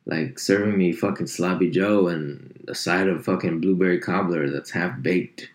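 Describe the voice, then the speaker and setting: A deep-voiced man rants for laughs, swearing nonstop and jumping into sharp mocking tones. His voice sounds low and heavy, and it bounces around an echoey room. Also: normal speed. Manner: animated, swears constantly, jumps into high mock voices. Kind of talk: profane comedic rant.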